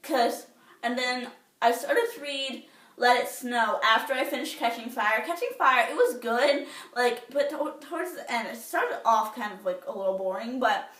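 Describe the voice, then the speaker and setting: Bubbly teen girl rambling on, kinda high pitched, sounds far from the mic. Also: normal speed, a bit bright. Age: teens. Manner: rambling, bubbly, many fillers and restarts. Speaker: vlogger. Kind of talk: casual chat. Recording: echoey room, somewhat far from the mic.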